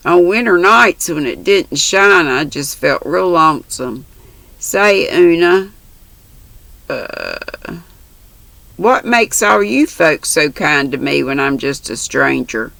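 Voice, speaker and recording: A woman voicing a blunt, rough-talking orphan girl with plain country grammar, reading a storybook aloud. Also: sits low, expressive, slow pace, a bit bright, no room sound, full character voice, rough recording. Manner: plain-spoken, rustic grammar.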